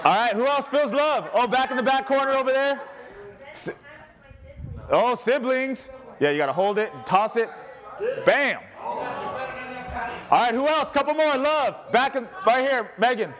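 This man has a very high voice and takes his time, leaving long pauses. Leading an interactive sermon segment, he's jovial and energetic, calling out to the congregation.

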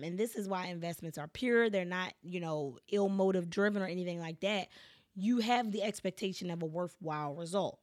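A woman's voice: on the low side, no room sound. A woman gives a motivational talk in an emphatic, casual voice. She builds her points by repeating phrases and checks in with the listener often. Her voice is recorded close and dry, with no room sound. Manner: casual speech with African American English features. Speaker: speaker giving life advice.

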